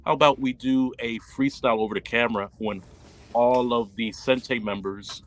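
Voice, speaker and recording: A man chatting as a livestream guest, halting and stammering while he jokes. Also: medium pitch, fairly even intonation. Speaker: stream guest. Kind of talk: casual livestream chat.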